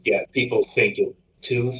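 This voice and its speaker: A man as a guest in a casual chat, talking haltingly with many restarts. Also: mid-range voice, steady tone, fairly bright tone, roomy sound, low-quality recording. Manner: halting, full of fillers and restarts.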